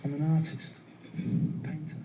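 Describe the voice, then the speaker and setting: An actor playing a lonely male artist on a phone call, speaking low and intimately in a film clip. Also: monotone, slow, background noise. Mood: brooding. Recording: film audio played in a room, from far off.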